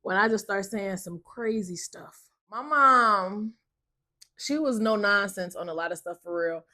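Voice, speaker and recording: A woman's voice: medium pitch, a little slow. A young adult woman co-hosting a podcast, chatting casually and telling stories with frequent laughs. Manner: laughs often, animated storytelling, African American vernacular. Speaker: podcast co-host. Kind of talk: casual chat.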